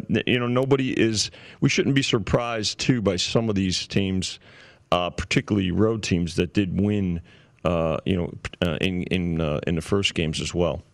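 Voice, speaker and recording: A man who sets betting lines, talking casually on a sports betting show, pausing often with fillers and restarts. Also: fairly low pitch, dry recording, studio quality. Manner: halting, many fillers and restarts. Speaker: sportsbook oddsmaker, show regular. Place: radio studio.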